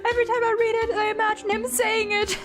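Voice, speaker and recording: A woman's voice: extremely high pitch, level tone, fast, faint music behind. A woman in her twenties commenting casually on a game she is playing, giggly and breathless, gushing with exclamations. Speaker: streamer.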